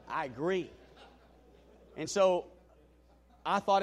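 A male pastor with a high voice preaching to his congregation. He tells stories with animated energy and pokes fun at himself. Many restarts, with "you know" scattered through. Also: slow, long pauses, slight background noise. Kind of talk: sermon storytelling.

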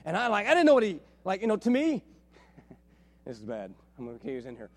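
A male pastor giving a sermon, telling lively stories and dropping to a hushed, intimate tone for emphasis. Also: sits high, brisk. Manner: storytelling, animated, drops to a hushed tone.

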